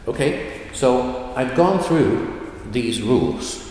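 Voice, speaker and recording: A man teaching a language video lesson, explaining slowly and carefully and modeling example sentences aloud. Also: sits low, big pitch swings, darkish tone, slight background noise. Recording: very echoey room with long reverb.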